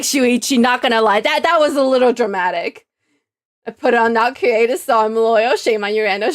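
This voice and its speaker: High-voiced woman streamer reading game text. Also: moderate pace. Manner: animated, dramatic, switches between reading lines and chatting with viewers. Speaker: streamer playing a visual novel. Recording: faint game music behind.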